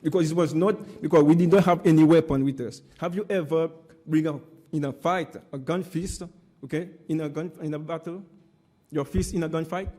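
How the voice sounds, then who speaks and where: A man from Seychelles, originally a Seychellois Creole speaker, testifies in English at a public hearing in a dark, warm voice that runs a little high. He speaks haltingly, pausing with "uh," and keeps repeating "my friend" to push his point.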